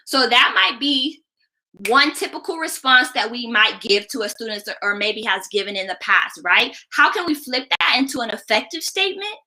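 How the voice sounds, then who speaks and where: A woman's voice: fairly high pitch, animated, moderate pace, pushed and bright, rough recording. A woman teacher explaining classroom practice in an instructional video, often checking in with the listener by asking "right?". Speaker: teacher and education creator.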